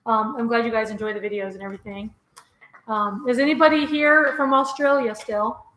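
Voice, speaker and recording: Speaking briskly in a steady, fairly high and fairly bright voice, a middle-aged woman hosts a casual live chat with viewers from inside her home. She laughs often throughout, and the sound is roomy and echoey.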